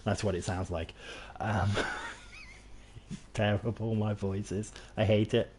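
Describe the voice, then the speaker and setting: A man's voice: fairly low pitch, steady tone, slow, darkish tone, a little hiss or hum. A man with an English accent chatting casually while playing a game, rambling and self-deprecating with lots of restarts. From England. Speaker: game streamer. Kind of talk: casual gameplay commentary.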